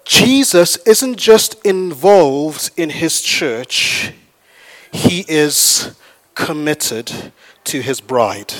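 A male pastor with a slightly high voice preaches an animated sermon. He swings between loud storytelling and soft, slow points.

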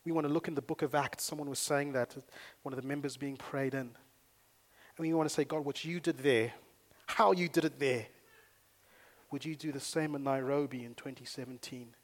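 A man preaching a sermon in a church, telling stories with energy and rising to loud emphasis. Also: medium pitch, steady tone, moderate pace. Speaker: pastor. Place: church in Nairobi.

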